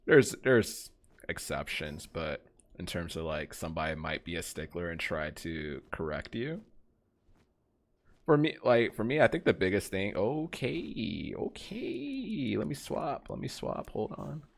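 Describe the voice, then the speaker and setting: A man's voice: low-pitched, very animated, measured pace, creaky. A man streaming a game, chatting casually with his viewers. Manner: chatty, trails off quietly, then greets chat brightly.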